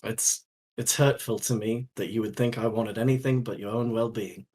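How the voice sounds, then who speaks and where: A player voicing a wry, teasing man who acts wounded and talks in drawn-out phrases. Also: mid-range voice, steady tone, darkish tone, husky, close to an everyday voice. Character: adult man, smooth and teasing. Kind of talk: tabletop role-play voicing.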